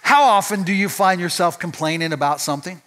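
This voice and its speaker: A man's voice: sits high, brisk, fairly bright tone. A male pastor giving a conversational sermon at church, often asking the audience rhetorical questions.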